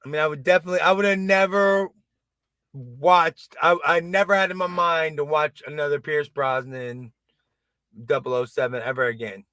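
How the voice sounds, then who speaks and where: A man with a high, bright voice talks in a loose, rambling way. He gets excited, starts sentences over and swears casually. The sound is close and dry. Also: moderate pace, no echo. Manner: rambling, excitable, swears freely, many restarts. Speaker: podcast host. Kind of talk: casual chat.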